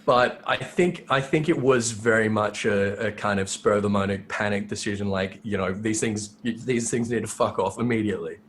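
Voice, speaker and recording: A man with a fairly low voice talks through a podcast discussion in a loose, rambling way, piling up fillers and restarts. A faint hiss of noise sits under his voice. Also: moderate pace, hardly any pauses. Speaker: podcast co-host.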